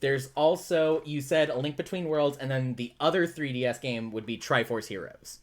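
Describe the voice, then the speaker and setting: A man's voice: mid-range voice, normal speed. A man co-hosting a casual podcast, explaining lore with frequent laughs and fillers. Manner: giggly, storytelling, lots of fillers.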